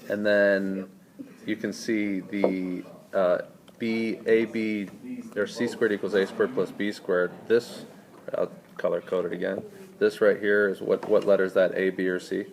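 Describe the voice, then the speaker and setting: A man's voice: low-pitched, little pitch movement, measured pace, gravelly. A man tutoring math in a screencast lesson, walking students through each step and quizzing them as he goes.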